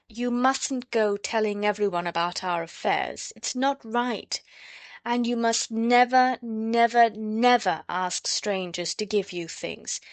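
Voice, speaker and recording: A woman voicing a gentle but firm mother of three, speaking slowly and with measured weight. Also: fairly high pitch, no room sound.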